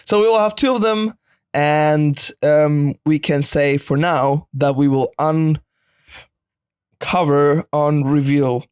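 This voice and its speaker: Giggly man with a higher voice. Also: takes it slowly, darkish tone, clean tone, dry recording, clean studio sound. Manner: giggly, joking, often laughing. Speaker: podcast co-host. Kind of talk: casual chat.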